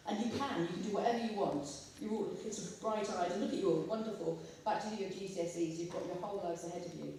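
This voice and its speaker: Storyteller, mellow low-key timbre, far off in an echoey hall. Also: slight background noise. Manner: lively storyteller, acts out quotes. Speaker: guest speaker, former journalist. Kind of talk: anecdotal school talk. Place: school hall. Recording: echoey school hall from afar.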